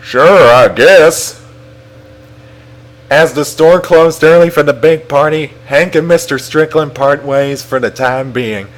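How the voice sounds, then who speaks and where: A young man reading a comedic fan story aloud to a chatroom, animated and often laughing. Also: on the high side, moderate pace, hardly any pauses, rough recording. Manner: animated, laughing, breaks off to fix typos.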